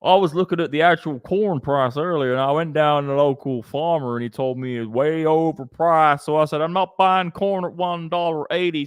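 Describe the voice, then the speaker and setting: A man's voice: high-pitched, a bit bright, clean tone, no echo, clean studio sound, voice pushed up. A man voicing a joking southern American corn trader with a mock-folksy drawl.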